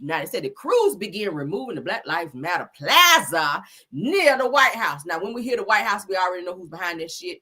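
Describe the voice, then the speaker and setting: A woman's voice: on the low side, very animated, normal speed, pushed and bright, slightly rough. A woman hosting a livestream gossip show, telling stories theatrically and peppering them with cries of Lord and Jesus. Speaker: gossip channel host.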